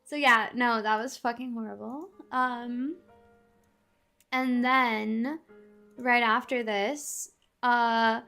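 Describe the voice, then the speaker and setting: A woman streamer in a casual live-stream rant, animated, swearing a lot and laughing often. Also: on the high side, slow pace, pauses often, clear, resonant tone, faint music behind. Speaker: VTuber streamer.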